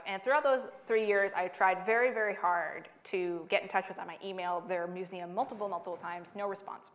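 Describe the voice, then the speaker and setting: A young adult woman author giving a book talk to an audience, lively and laughing through her stories. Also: medium pitch. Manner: animated storyteller, laughing through anecdotes.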